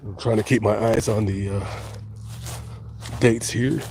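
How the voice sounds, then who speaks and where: A man live-streaming outdoors in a cemetery, talking casually and reading viewer comments, with many halting restarts and fillers. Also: lowish voice, steady tone, gravelly, darkish tone, slight background noise. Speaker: vlogger reading live chat.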